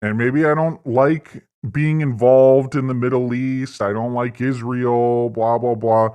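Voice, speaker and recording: Male stream host, slow-paced and mid-pitched, with a rambling, profane, mock-earnest rant delivery. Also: fairly even intonation, a little mellow, smooth. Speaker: livestream host. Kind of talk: satirical political stream rant.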